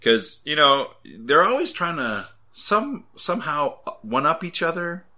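A man's voice: on the high side, big pitch swings, unhurried, sharp tone. A man in casual, rambling conversation about comics, often laughing. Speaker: podcast co-host.

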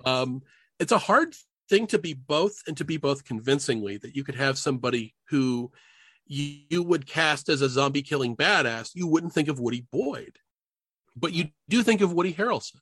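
A man co-hosting a casual podcast chat, talking in an animated way and laughing often. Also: on the high side, normal speed, husky, no room sound. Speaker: podcast co-host.

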